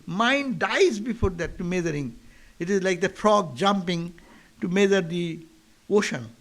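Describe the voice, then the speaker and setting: Male monk, high voice, philosophical sermon with chant-like repetition and rhetorical questions. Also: animated, unhurried, fairly bright tone. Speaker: monk giving a lecture. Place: monastery lecture.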